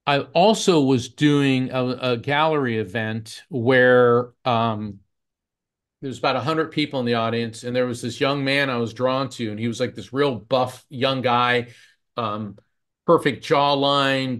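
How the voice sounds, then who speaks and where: A man's voice: medium pitch, moderate pace, a bit bright. A man who works as a psychic medium, telling earnest anecdotes as a podcast guest. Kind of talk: podcast storytelling.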